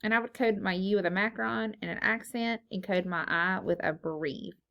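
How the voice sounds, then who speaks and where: A woman's voice: medium pitch, normal speed, gravelly, lo-fi sound. A woman teaching a phonics lesson to young children, patiently asking questions and then answering them herself.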